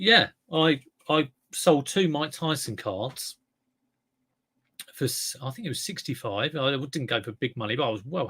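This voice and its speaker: A man's voice: mid-range voice, vocal fry, fairly bright tone, slightly rough. Man, livestream host, casual chat, rambling, self-correcting.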